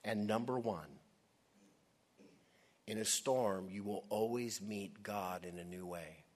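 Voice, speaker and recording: A male pastor preaching a sermon, emphatic, with dramatic pauses, sometimes dropping to a hush. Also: fairly low pitch.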